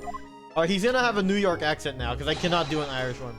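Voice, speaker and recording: Guy streaming a story game, casual asides, higher voice, music behind. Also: lively intonation, fast. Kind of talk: reading a visual novel aloud with commentary.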